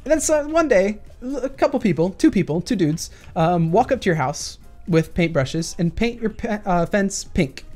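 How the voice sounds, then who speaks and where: A man's voice: sits high, animated, moderate pace, hardly any pauses, a little mellow, faint music behind. A man talking casually in a Q&A rant while playing a shooter game, rambling with many restarts and explaining through analogies. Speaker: gaming YouTuber. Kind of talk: casual Q&A rant over gameplay.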